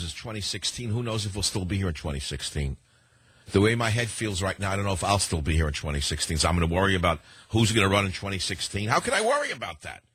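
A man's voice: low voice, fairly bright tone, breathy edge, no room sound. An older man with a New York accent, hosting a radio talk show in a combative, rambling way and often repeating himself. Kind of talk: opinionated talk radio monologue.

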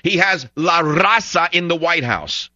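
A man's voice: fairly high pitch, lively intonation, measured pace, bright, forceful tone, no room sound, dull audio. Ranting, sarcastic male radio host. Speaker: radio talk show host. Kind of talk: talk radio monologue.

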